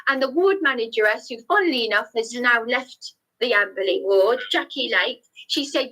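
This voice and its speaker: Distraught high-voiced woman. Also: lively intonation, normal speed, sharp tone, poor audio. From England. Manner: distressed, rambling, stammering restarts; raising her voice. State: distraught, near tears. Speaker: caller. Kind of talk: emotional phone call.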